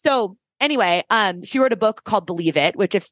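A woman podcast host in casual chat, telling a story with effusive, animated energy and acted-out quotes. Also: medium pitch, brisk, dry recording.

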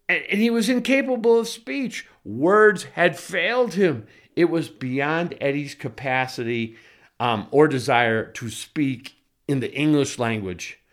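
A man's voice: fairly high pitch, a bit bright. Sardonic, indignant man telling a story. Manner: sardonic, indignant, with wordy flourishes. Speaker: storyteller recounting a flight. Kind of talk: conversational anecdote.

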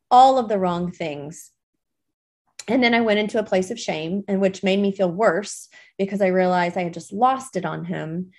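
Woman podcast host, reassuring, chatty, lots of ums, mid pitch. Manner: warm, reassuring, chatty with many fillers. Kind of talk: casual solo podcast talk.

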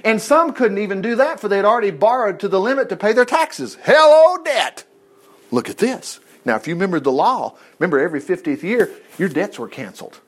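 High, lively-voiced folksy preacher man. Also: fairly quick. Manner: folksy, animated Bible storytelling with asides. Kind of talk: sermon.

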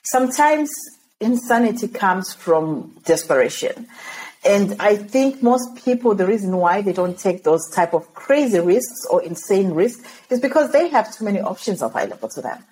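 A woman from Zimbabwe, a podcast guest, telling her story in an animated way and laughing often. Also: mid-range voice, normal speed, a little hiss or hum, low-quality recording.

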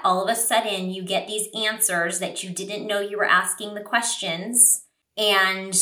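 Podcast co-host, woman in her thirties, candid and animated, bright tone, roomy recording. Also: medium pitch, distant mic. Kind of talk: casual podcast chat. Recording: roomy sound, a bit off mic.

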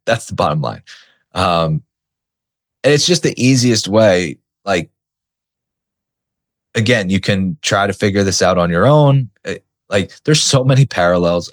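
A young adult man hosting a coaching podcast in a blunt, animated monologue, mimicking frustrated clients now and then and swearing freely. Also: deep voice. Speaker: podcast host, business coach. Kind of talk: casual monologue.

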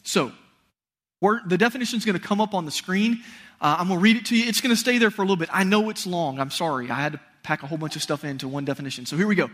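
Male preacher, high voice, chatty sermon delivery that checks in with the room. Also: a bit bright. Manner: conversational, asks the audience questions, halting restarts. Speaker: pastor.

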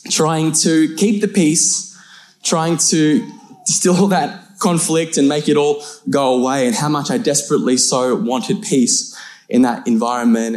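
A young adult male pastor telling a self-deprecating story in a sermon, lively and animated. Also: on the high side.

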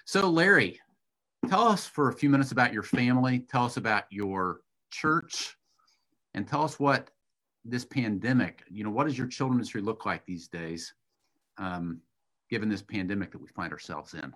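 A man's voice: fairly low pitch, lively intonation, moderate pace, sharp tone. A man hosting a podcast, upbeat and promotional, leading the conversation with his guest. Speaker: podcast host.

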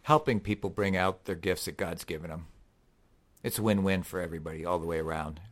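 A middle-aged man with a fairly low voice, a guest on a talk show telling stories about the athletes he trains. He is earnest and folksy, and his delivery gets animated as the stories build. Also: a little fast. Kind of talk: casual storytelling.

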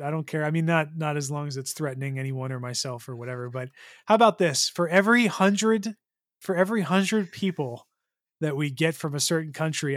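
Rambling through casual chat with plenty of restarts, this podcast co-host has a slightly high, fairly bright voice. The audio is dry and of studio quality.

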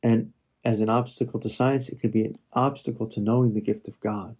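A man leading a slow, reflective spoken prayer meditation, addressing God and his listeners with soft pauses. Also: medium pitch, steady tone, slightly rough.

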